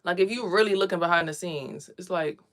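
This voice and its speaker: A young adult woman, a spiritual vlogger, talking casually and bluntly to camera with lots of swearing, getting louder as she gets worked up. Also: fairly low pitch, a little fast. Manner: blunt, profane, ranting; animated, swings louder when worked up.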